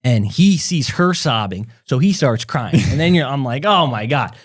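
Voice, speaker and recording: A man's voice: mid-range voice, lively intonation, normal speed, no echo, studio quality. A young man co-hosting a podcast, telling a long story casually, full of "like" and acted-out quotes. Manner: rambling, filler-heavy, acts out quotes. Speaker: podcast co-host.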